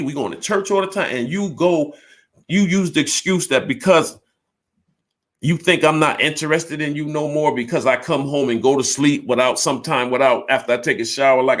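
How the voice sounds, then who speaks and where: Blunt, animated man in his fifties. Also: fairly high pitch, normal speed. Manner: animated, blunt, swears, acts out both sides of arguments. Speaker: storyteller recounting his life. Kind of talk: candid personal storytelling.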